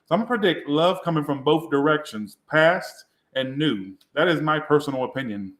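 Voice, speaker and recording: A man's voice: a little high, animated, normal speed, fairly bright tone. A man giving a live tarot reading, rambling and crude, sounding tipsy and poking fun at himself. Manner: rambling, crude and self-mocking. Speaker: tarot reader. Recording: roomy echo.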